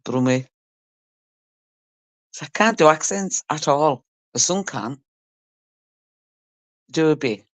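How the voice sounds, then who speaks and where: A woman on a live stream, talking slowly and easily as she reads out chat comments. She teases and jokes with viewers, laughing often and swearing freely. Her voice sounds close and dry, with no room sound around it. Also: sits low, lively intonation, no room sound. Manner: teasing banter, frequent laughter and swearing. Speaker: livestreamer reading chat. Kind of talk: casual chat with a live audience.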